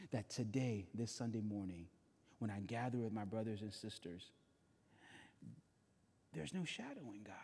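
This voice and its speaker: A man's voice: mid-range voice, dark tone, slightly rough. A man preaching a Sunday sermon as pastor in a church, impassioned and repetitive, building in intensity. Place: church sanctuary. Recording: long reverb of a large church hall.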